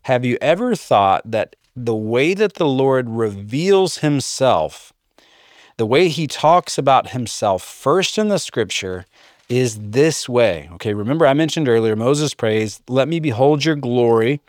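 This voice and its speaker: A man preaching a sermon, reading scripture aloud and joking by mimicking his listeners in high voices. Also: expressive, unhurried, no room sound, clean studio sound. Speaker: pastor.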